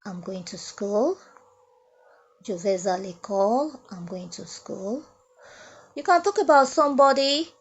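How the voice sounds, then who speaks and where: A woman teaches French grammar at a classroom whiteboard, saying each example twice. She speaks very slowly and patiently. The recording sounds muffled and lo-fi. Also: mid-range voice, animated, a little hiss or hum. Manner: repeats phrases slowly, explains step by step. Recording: dull lo-fi sound.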